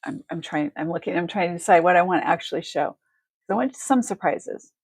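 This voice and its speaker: A woman's voice: lowish voice, expressive, a little fast, husky, no echo, studio quality. A woman hosting a casual live-stream, chatty and effusive as she thanks viewers and shows jewelry. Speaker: livestream jewelry seller.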